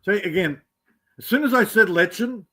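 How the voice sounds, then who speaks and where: A man's voice: high-pitched, animated, normal speed, bright, forceful tone. An Australian man chatting on a live stream, rambling through teasing anecdotes. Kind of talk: casual storytelling chat.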